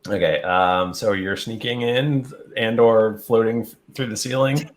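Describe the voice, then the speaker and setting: A man's voice: fairly low pitch, fairly even intonation, unhurried, slight background noise. A man narrating a tabletop game as game master, hesitant with many ums.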